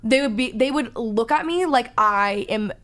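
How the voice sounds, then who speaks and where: A young woman in her twenties hosts a podcast in a loud, chatty way, with a Valley Girl accent. She is from Texas. Her voice sits a bit high for a woman, and she fills her talk with "like.". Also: normal speed. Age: 20s. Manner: loud, chatty, says "like" a lot. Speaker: podcast host. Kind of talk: casual chat.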